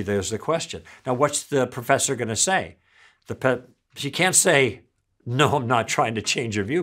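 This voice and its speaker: A middle-aged man giving a recorded church teaching, telling stories and acting out both sides of a conversation. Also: mid-range voice. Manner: animated storytelling, acting out dialogue.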